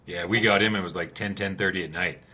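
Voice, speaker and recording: Bright-toned deep-voiced man telling stories. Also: quick pace, slightly rough. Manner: animated storyteller. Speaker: podcast guest, rally racer. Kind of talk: casual conversation.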